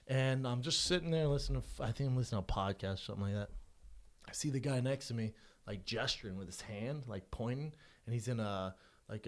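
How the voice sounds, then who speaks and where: A man in his thirties co-hosting a podcast, telling stories in casual chat, swearing and acting out what people said. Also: medium pitch. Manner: animated storyteller, acts out quotes, swears a lot. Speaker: podcast co-host.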